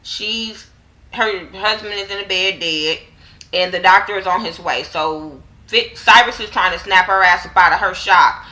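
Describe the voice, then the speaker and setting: A woman's voice: medium pitch, measured pace, bright, forceful tone, poor audio. A woman casually recapping a TV drama episode with slang and profanity, acting out the characters' lines in quotes. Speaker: TV show reviewer.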